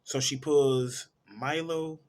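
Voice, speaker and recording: A man reviewing a film, retelling the plot in a casual, animated way and correcting himself as he goes. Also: medium pitch, slow pace. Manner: animated storytelling, correcting himself mid-sentence. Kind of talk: casual movie plot recap.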